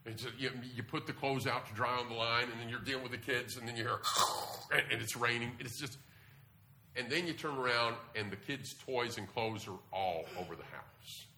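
A man preaching a sermon to a congregation in a lively, animated way, often jumping up in pitch to press a point. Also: fairly quick. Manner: lively, animated delivery with sudden jumps in pitch.

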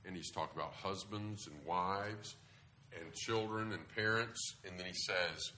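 A man's voice: sits low, measured pace, pushed and bright, a little hiss or hum. A male pastor giving a conversational sermon to a congregation in a church, often asking them questions. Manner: conversational, asks the audience questions.

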